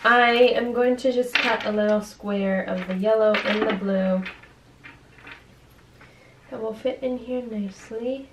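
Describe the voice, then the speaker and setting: A woman's voice: fairly high pitch, steady tone, measured pace, long pauses, a little hiss or hum, poor audio. Giggly young woman gushing about tiny things. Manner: bubbly, gushing, giggly, rambling with many fillers. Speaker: artist and small business vlogger. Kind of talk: casual vlog narration.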